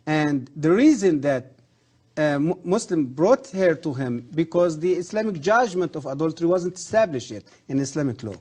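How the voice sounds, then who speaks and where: Earnest man, husky voice. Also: a little high, lively intonation, a little mellow. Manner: earnest, halting non-native English with rising emphasis. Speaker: guest, former professor. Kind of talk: religious TV interview.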